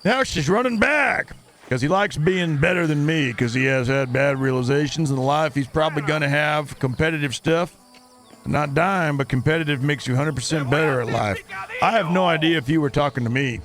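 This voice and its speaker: A man's voice: fairly high pitch, moderate pace, a bit bright, soft background music. A male game streamer making rambling, jokey commentary, sometimes slipping into a mock-cowboy drawl. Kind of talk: casual gameplay commentary. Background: game horse hoofbeats.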